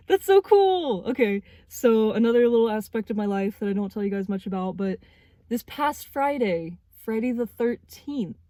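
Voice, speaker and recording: Woman in her twenties, spiritual reader; warm low-key tone, pauses to find words, heartfelt. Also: no echo. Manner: halting, searching for words. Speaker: tarot reader. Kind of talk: spiritual tarot reading.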